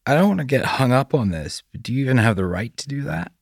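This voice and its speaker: A man's voice: mid-range voice, big pitch swings, fast talker, vocal fry, breathy edge, no echo, voice pushed up, exaggerated voice. A man voicing a frazzled, defensive father, close to his own voice.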